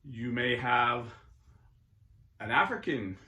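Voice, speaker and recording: A middle-aged Catholic convert talks casually and earnestly on his YouTube channel, occasionally swelling into preachy bursts. He takes it slowly, with an expressive, bright, forceful medium-pitched voice; the audio is dull and the room echoey.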